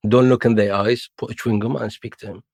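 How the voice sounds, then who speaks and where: Gravelly Iraqi man telling his story. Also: lowish voice, fairly even intonation, quick pace, a little mellow, dry recording, studio quality. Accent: Iraqi Arabic, with London English slang. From Iraq. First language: Arabic. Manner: broken English, acts out voices in his stories. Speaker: podcast guest. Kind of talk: casual storytelling interview.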